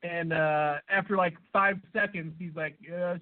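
A man's voice: sits high, fairly even intonation, a little slow, hardly any pauses. A man co-hosting a podcast, rambling through crude banter and laughing at his own jokes, sounding stuffed up from a cold. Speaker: podcast co-host. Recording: tinny phone-like sound.

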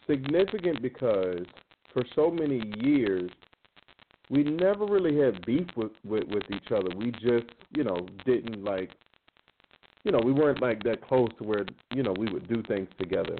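A man's voice: medium pitch, lively intonation, moderate pace. A man, chatting casually as a guest, with many fillers. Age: 30s. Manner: conversational, many fillers, laughs while telling stories. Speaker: guest panelist. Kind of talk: casual chat. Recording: tinny phone line with faint noise.

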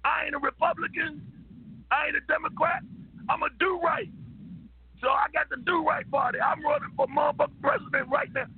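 A man playing a rowdy, boozy old uncle on a radio talk show, gravelly and stammering, shouting out bawdy jokes. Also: very high voice, steady tone, brisk, slight background noise. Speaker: regular comic character. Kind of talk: comic radio call-in bit. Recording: tinny phone-line radio audio.

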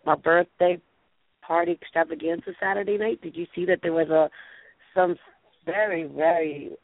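A woman's voice: on the low side, fairly even intonation, normal speed, no room sound. A woman hosting a call-in radio show, chatting in a bubbly, gushing way. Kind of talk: casual call-in chat. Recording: tinny phone-quality audio.

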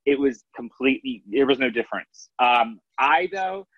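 A man's voice: medium pitch, animated, normal speed, slightly rough, no echo, highs cut off. A man in his thirties, an author and coach, talking in a loose, rambling way with many restarts. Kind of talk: casual interview talk.

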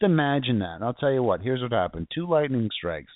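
The South Florida internet radio preacher speaks in a mid-range, sing-song voice, fairly quick and with hardly any pauses. His informal, fervent sermon rambles, restarting often and repeating phrases, and the dry recording has a tinny phone-line sound.

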